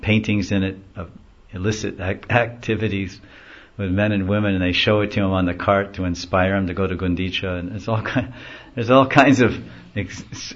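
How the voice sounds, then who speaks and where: A man with a low voice gives a devotional lecture, telling stories in a loose, conversational, rambling way. The recording sounds dull and lo-fi. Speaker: devotional class speaker.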